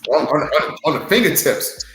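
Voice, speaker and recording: A man's voice: fairly high pitch, lively intonation, normal speed, a bit bright. A man who co-hosts a podcast and wrestles, giving casual motivational advice in an earnest tone, repeating words for emphasis. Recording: roomy echo, faint music.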